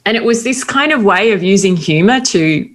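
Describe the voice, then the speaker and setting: A middle-aged Australian woman telling personal stories candidly in casual conversation, with quick asides. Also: medium pitch, lively intonation, a bit bright. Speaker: guest.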